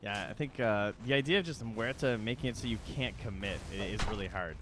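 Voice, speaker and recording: A man co-casting a live esports match, chatty and analytical, breaking into excitement at big plays. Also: on the low side, brisk, very noisy. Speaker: esports co-caster. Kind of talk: live game commentary.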